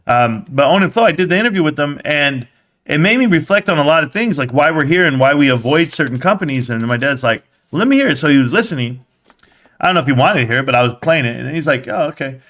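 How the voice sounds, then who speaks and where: A man's voice: fairly high pitch, animated, fast talker, fairly bright tone. A young man hosting a live stream, rambling loosely and swearing casually.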